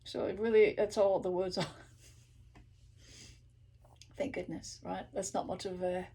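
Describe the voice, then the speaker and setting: A woman and native English speaker teaching how she practices an aria, who breaks into slow sung Italian phrases and asks "okay?" again and again. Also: mid-range voice, little pitch movement, dark tone, a little hiss or hum. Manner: repeats sung Italian phrases slowly, checks in with "okay?" constantly. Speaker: singer teaching her practice method. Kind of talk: casual vocal tutorial.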